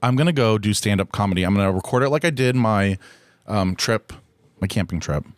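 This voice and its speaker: Rambling, frank, and profane, this solo podcast host frequently jokes at his own expense during a casual chat. His voice sits on the low side, sounds expressive, and moves fairly quickly in a dry recording.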